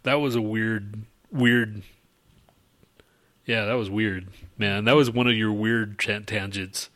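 Male podcast co-host, lowish voice, rambling and slangy. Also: fairly even intonation, a bit bright. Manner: loose, halting talk full of "like" and "dude". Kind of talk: casual chat.

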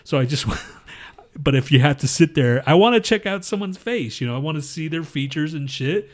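Here the voice is a little high and moves at an ordinary speed. He's a podcast co-host casually chatting, and he retells a crude, profane story in an animated, rambling way.

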